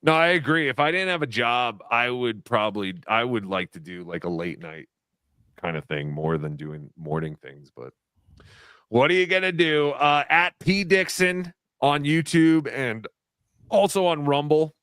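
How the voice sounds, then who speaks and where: A man's voice: mid-range voice, animated, a little slow, fairly bright tone, clear, resonant tone, dry recording, studio quality. A man hosting a casual livestream chat, loose and laughing, swearing freely. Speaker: livestream show host.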